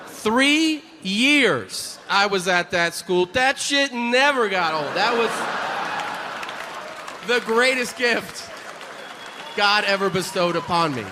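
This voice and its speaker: A man's voice: sits high, animated, unhurried, in a large hall, a crowd in the background, noisy background. A man doing a stand-up comedy routine on stage before a live audience, telling profane stories and acting out the characters in them.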